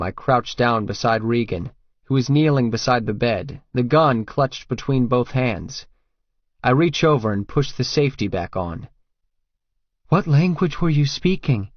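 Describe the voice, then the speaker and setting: A man narrating a first-person romance audiobook in a steady, intimate storytelling voice. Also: on the low side, no room sound. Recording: dull, lo-fi sound.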